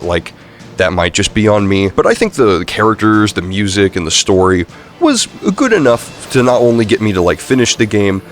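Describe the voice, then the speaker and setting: Young man, low voice, casual game review, rambling, filler words, faint background music. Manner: casual, rambling with many fillers and self-corrections.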